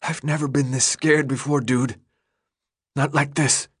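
A man's voice: mid-range voice, steady tone, unhurried, breathy edge, no room sound, clean studio sound, pitched above the performer's own voice. A man doing a harsh, snapping teenage boy. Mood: scared. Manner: harsh, snapping, swings into despair. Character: tough, panicky teenage boy maze runner. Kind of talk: audiobook character voice.

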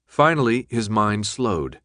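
A man reading a novel aloud in even, measured scripted narration. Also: fairly low pitch, no room sound, clean studio sound. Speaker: audiobook narrator.

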